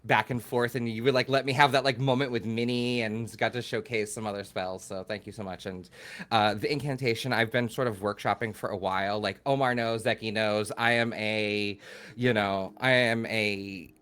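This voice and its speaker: Bubbly man player, quick laughs. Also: fairly low pitch, fairly even intonation, fairly bright tone, clean tone. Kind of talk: post-game wrap-up chat.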